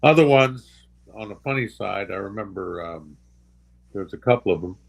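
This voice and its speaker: An older man, a special guest, telling personal stories in a casual, halting way, often pausing and restarting, and tending to get emotional. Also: fairly low pitch, expressive, gravelly. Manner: halting, with many pauses and restarts; gets emotional while recovering. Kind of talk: casual anecdotal storytelling.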